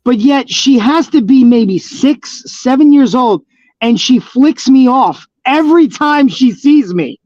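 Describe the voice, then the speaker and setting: A man's voice: very high voice, expressive, measured pace, darkish tone, dry recording, muffled recording. A man, a professional wrestler, telling stories in a casual interview, rambling with many fillers and restarts.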